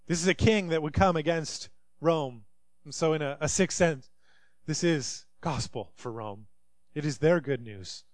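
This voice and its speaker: A man's voice: a little high, no echo. Pastor preaching a sermon, man. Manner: reads scripture aloud and voices quoted speakers dramatically.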